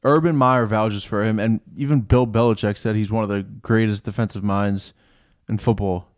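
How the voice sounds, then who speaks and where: Chill guy talking football, smooth clear voice, dry close sound. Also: lowish voice, steady tone, moderate pace, no room sound. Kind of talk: casual sports talk.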